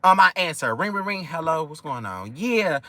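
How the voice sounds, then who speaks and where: A young man from Detroit with a Detroit accent, telling a personal story in an animated, profane way with many filler phrases. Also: a little high, moderate pace, no echo. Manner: animated, profane, keeps repeating "whatever the case may be". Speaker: vlogger. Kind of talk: casual storytime.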